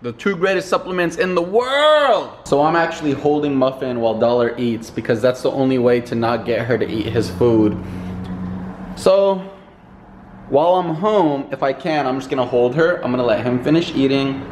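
A man's voice: expressive, moderate pace, a little hiss or hum. A young man chatting casually in a vlog at home, playful and laughing easily. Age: young adult. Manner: playful, laughs often, coaxing high voice with his dogs. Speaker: vlogger. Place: at home, later in a car.

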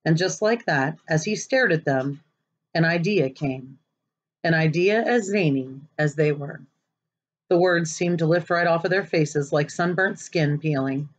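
A woman reading a children's novel aloud, expressive and lively, raising her voice for the characters' lines. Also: low-pitched, measured pace, muffled recording. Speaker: narrator.

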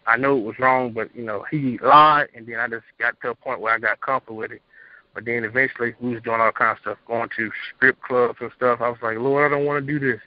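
A man's voice: medium pitch, fairly even intonation, quick pace, no room sound. A young man calling in to a show, earnestly telling his story in a plain, rambling way over a phone line. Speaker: caller. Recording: muffled phone-line audio.

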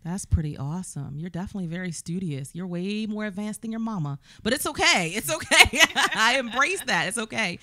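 Woman host, 30s, upbeat and playful, quick to laugh; dry close-miked sound. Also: mid-range voice, animated, bright, forceful tone, no echo. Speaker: talk show host. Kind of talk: casual interview chat.

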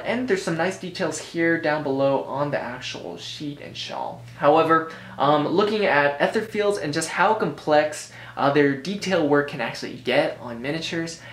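An American man giving a casual review commentary, rambling with joking asides and frequent self-corrections. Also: a little high. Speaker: board game reviewer. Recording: roomy echo.

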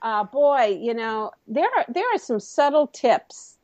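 A middle-aged woman guest on a radio interview, explaining comedy tips quickly and playfully with laughs. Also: on the high side, expressive, a little mellow, no echo. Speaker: comedy coach and author, guest.

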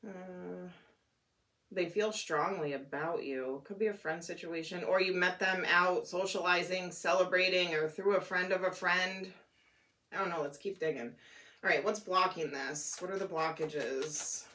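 Woman tarot reader, slightly hoarse. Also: on the low side, steady tone, measured pace, sharp tone. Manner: musing, thinking aloud with fillers. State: losing her voice. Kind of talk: tarot card reading.

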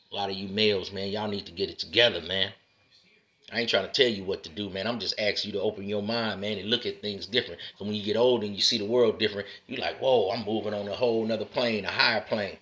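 A man lectures his listeners in a bright, forceful voice, calling them "man" and "brother" over and over. His delivery is emphatic, with loud punchy lines that drop into low, slow asides. It sounds like a street-style motivational talk aimed straight at the camera. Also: lo-fi sound. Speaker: motivational speaker addressing men. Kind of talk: preachy direct-to-camera monologue.

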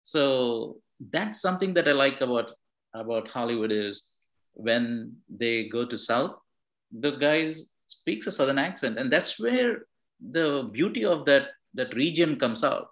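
A man's voice: mid-range voice, expressive, a little slow, fairly bright tone, rough recording. A man, a film director giving a thoughtful interview answer and restarting his phrases as he explains. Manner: thoughtful, repeats words and restarts while explaining.

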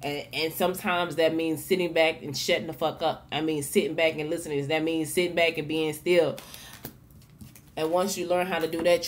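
A woman with a fairly low voice gives a casual tarot reading as a vlog. She talks in a frank, swearing, encouraging way and keeps restarting her phrases. A faint noise sits under her voice. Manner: loose, repeats and restarts words. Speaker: tarot reader and vlogger. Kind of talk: casual motivational tarot talk.

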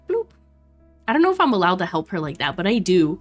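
A young woman from Florida streaming a life sim game, chatting casually with her viewers, reacting loudly and laughing often. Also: on the low side, sing-song, fast. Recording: faint music behind.

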